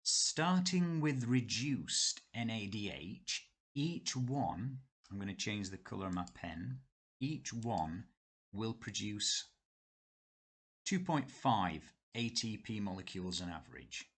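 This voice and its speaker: A man's voice: on the low side, animated, slow, slightly rough. A man with a Yorkshire accent teaching a biology lesson, chatty and thinking aloud as he writes. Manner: chatty, thinks aloud and talks to himself while writing. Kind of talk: whiteboard lesson explaining step by step.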